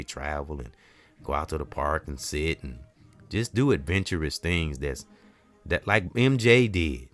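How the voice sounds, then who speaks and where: Host, male, very low voice, rambling preachy spiritual monologue. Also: no room sound. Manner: preachy, loose and repetitive, many "you know"s. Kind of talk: casual spiritual talk.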